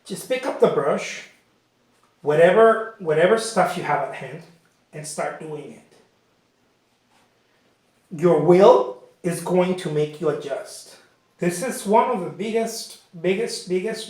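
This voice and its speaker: Pausing often and speaking a little slowly, a man with a rather high, darkish voice teaches painting in a casual, rambling way. The very echoey room carries his frequent repetitions and "you know"s as he works.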